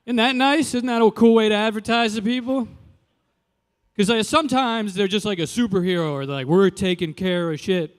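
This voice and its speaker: Wry high-voiced male stand-up comic. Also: clean tone. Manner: casual, wry, quick bursts of exasperated questions. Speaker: stand-up comedian. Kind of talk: stand-up comedy. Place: comedy show stage.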